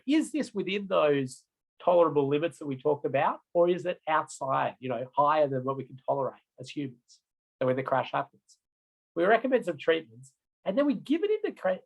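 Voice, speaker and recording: A man's voice: fairly high pitch, vocal fry, rough recording. A middle-aged man giving an online road safety training lecture, chatty, often checking in with "right?" and "okay?".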